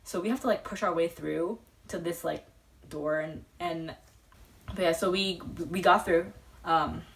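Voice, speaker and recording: A young woman telling a story as a vlogger, rambling and excitable, full of fillers. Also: lowish voice, unhurried, gravelly. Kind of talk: casual storytelling. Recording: voice a bit far from the mic.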